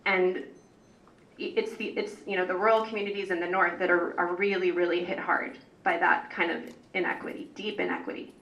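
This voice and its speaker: A woman's voice: fairly low pitch, level tone, a little fast, vocal fry, a bit bright, dull audio. A woman parent organizer speaking off the cuff on a public panel, earnest and rambling, full of fillers and restarts. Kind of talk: unscripted panel talk. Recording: echoey hall, mic at a distance.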